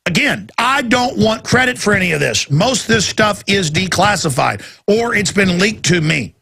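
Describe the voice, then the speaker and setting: A man's voice: high-pitched, animated, normal speed, gravelly, pushed and bright, breathy edge. A man hosting a talk radio show, ranting emphatically in a heated monologue and taking callers. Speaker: radio host.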